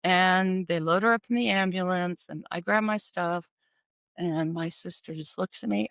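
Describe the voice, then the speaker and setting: A woman's voice: fairly low pitch, normal speed, gravelly, fairly bright tone, no room sound. A middle-aged woman earnestly retelling a personal story, acting out the dialogue as she goes.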